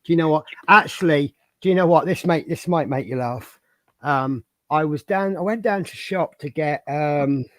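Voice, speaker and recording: A man's voice: fairly high pitch, no echo. Chatty man, dry sound. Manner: rambling, chatty anecdotes with restarts. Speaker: livestream host. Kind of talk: casual chat and storytelling.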